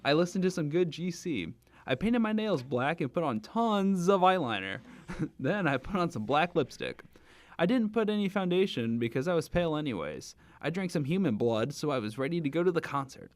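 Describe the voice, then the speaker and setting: A man's voice: on the high side, expressive, normal speed, dry recording. A young man hosting a comedy read-through of fan fiction, giggling and stumbling over names with chatty asides. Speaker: host reading fan fiction aloud.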